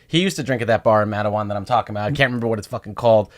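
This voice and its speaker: A man's voice: fairly low pitch, rapid-fire. A man co-hosting a podcast in casual chat, telling rambling stories and acting out quotes. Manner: rambling storyteller, acts out quotes loudly. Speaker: podcast co-host.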